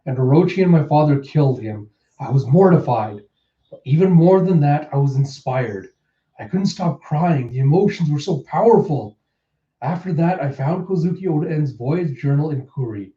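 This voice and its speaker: A man's voice: on the high side, expressive, moderate pace, roomy sound, recorded from a distance, lo-fi sound, lightly acted. A man voicing an earnest, proud young male warrior while reading a comic aloud, close to his own voice.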